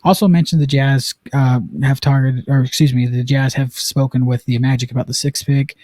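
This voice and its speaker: A man from Utah hosting a casual sports live stream, chatty and excitable, with lots of fillers. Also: medium pitch, brisk, no room sound. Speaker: sports podcast host.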